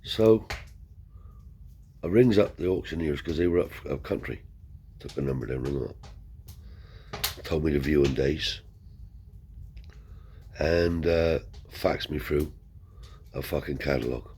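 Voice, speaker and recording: A man's voice: a bass voice, measured pace, pauses often, dark tone, slight background noise. A man telling a rambling story in broad colloquial speech, swearing freely as he goes. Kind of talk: casual spoken anecdote.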